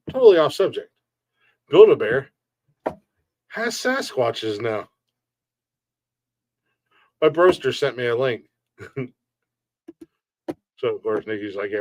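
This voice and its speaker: A man's voice: mid-range voice, dry recording. A man hosting a casual live-stream podcast, ranting bluntly and jokingly with plenty of swearing and frequent laughter. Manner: blunt, profane, joking rants; laughs often between remarks. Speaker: podcast host reading chat.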